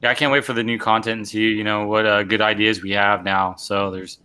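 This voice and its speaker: A man hosts a relaxed live show about tabletop wargames. His voice sits a little low and sounds bright and pushy. He explains things step by step, often restarting and repeating words. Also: a little fast, clean tone. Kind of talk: casual chat and tactics explanation.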